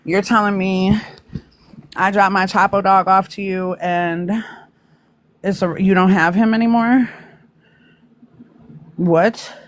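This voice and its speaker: Mom on a live stream cussing and reacting to news, talking straight to chat, mid voice. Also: female voice, mid-range voice, fairly even intonation, slow, long pauses, no room sound. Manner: profane, blunt, emotional asides to viewers.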